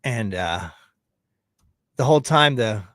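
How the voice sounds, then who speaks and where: A man's voice: medium pitch, expressive, slow, a bit bright, no echo. A man streaming a heated, profane commentary, mocking the person he talks about. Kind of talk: ranting commentary.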